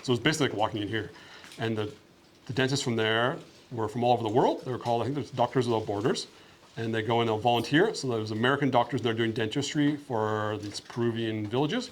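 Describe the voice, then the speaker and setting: A man's voice: medium pitch, fast talker, slight background noise. A young man from Canada chatting casually with a school class about his travels, upbeat and friendly, with lots of "like" fillers. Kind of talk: casual talk and Q&A with children.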